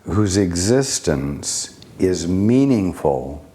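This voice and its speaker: A man giving a spiritual teaching talk, speaking deliberately with long pauses and rhetorical questions. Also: deep voice, very animated, warm tone.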